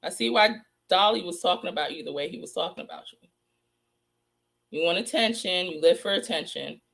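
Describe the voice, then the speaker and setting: A woman's voice: fairly low pitch, fairly quick, creaky, fairly bright tone. A woman hosting a psychic true-crime vlog, talking in a heated, scolding rant and repeating lines for emphasis.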